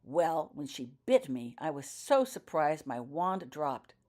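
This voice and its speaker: A woman's voice: deep voice, sing-song, slow pace, darkish tone, exaggerated voice. A woman voicing an irritable, blustering male wizard guard in a fan fiction audiobook reading. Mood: storytelling. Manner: snappish, defensive, blustering.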